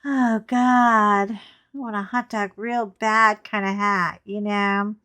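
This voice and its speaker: Unhurried chatty woman telling stories. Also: mid-range voice. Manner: chatty, animated storyteller with frank asides. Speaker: crafting channel host. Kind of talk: casual storytelling chat while crafting.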